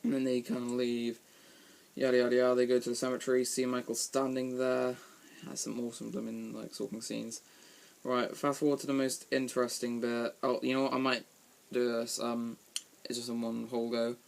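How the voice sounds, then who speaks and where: A man's voice: medium pitch, monotone, fairly quick, creaky. A man giving a casual spoken film review from a room at home, rambling with lots of ums and restarts.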